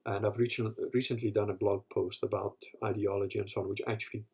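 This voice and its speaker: A man's voice: fairly low pitch, level tone, quick pace, darkish tone, slightly rough, lo-fi sound. A man hosting a live Q&A, telling crude, rambling stories with lots of profanity. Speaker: host answering live questions. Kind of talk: live Q&A talk.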